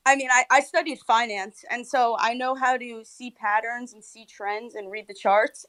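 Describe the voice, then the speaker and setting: A woman's voice: on the high side, fairly even intonation, moderate pace, few pauses, fairly bright tone, rough recording. A woman in casual chat, explaining things eagerly with lots of fillers.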